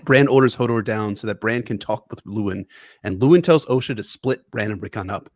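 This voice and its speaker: A man's voice: lowish voice, brisk, no echo. A man in his young adult years, co-hosting a podcast and reading a chapter synopsis with earnest, emotional delivery. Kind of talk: book synopsis reading and chat.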